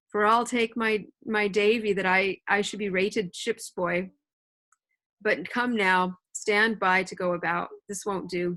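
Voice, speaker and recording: A woman's voice: medium pitch, fairly bright tone, close to an everyday voice. A woman voicing a jovial, sly, one-legged old pirate cook with hearty, folksy sailor talk, read into a computer mic.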